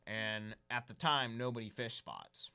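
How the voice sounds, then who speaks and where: A man's voice: fairly low pitch, a little slow, bright, forceful tone, clean tone. A young man telling casual, rambling fishing stories as a podcast guest, saying "dude" a lot. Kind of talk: casual storytelling chat.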